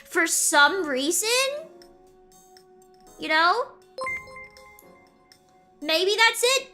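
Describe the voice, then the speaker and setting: Very high, bright bubbly young woman. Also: faint music behind. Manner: bubbly, excitable, quick to squeal. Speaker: streamer. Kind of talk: casual game stream commentary.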